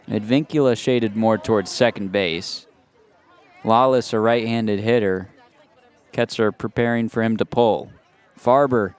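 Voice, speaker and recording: A man doing radio play-by-play of a baseball game, calm and steady, rising to excited shouts on big plays. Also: mid-range voice. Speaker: play-by-play announcer.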